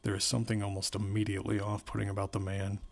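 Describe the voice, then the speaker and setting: A man narrating a novel aloud in a steady, measured way. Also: fairly low pitch, vocal fry.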